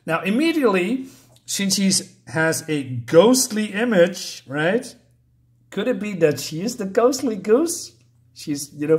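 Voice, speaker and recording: A man's voice: a little high, expressive, unhurried. A man casually recapping a comic book, rambling and chuckling, with plenty of "so, um, right?".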